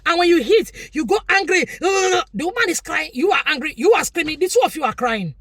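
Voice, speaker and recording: A woman's voice: very high voice, lively intonation, brisk, a bit bright, dry recording. A Nigerian woman vlogger giving an opinionated, preachy commentary, repeating her points for emphasis.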